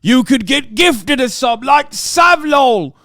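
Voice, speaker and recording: A man putting on a loud, profane, theatrical mock-British voice. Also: extremely high pitch, animated, slow, vocal fry, no room sound, studio quality, full character voice. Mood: hammy shouting. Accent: put-on British.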